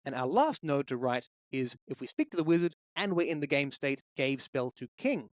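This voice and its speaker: A man's voice: mid-range voice, big pitch swings, moderate pace, dry recording. A man walking through a game development tutorial, explaining each step steadily into a close microphone. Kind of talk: screen-recorded tutorial.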